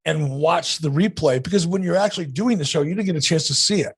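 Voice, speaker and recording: A man's voice: fairly high pitch, fast talker, breathy edge, no echo. A man in his sixties, a podcast guest, telling laid-back stories with dry humor in casual chat.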